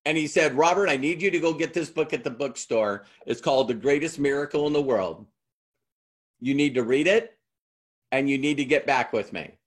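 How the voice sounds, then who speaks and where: A middle-aged man speaks to a live audience in a slightly high voice. He tells a story conversationally, acting out both sides of past dialogues. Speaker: motivational speaker.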